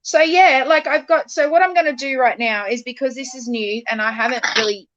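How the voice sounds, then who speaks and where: Talkative lady reading tarot, a bit high, muffled with noisy background. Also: fairly quick, fairly bright tone. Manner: chatty, affectionate, calls people darling. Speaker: tarot reader. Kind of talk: live-stream chat.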